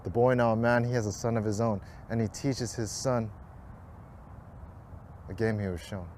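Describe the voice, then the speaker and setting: A man narrating a rhymed spoken-word advertisement with a measured, poetic cadence. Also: fairly low pitch, fairly even intonation, darkish tone, slight background noise.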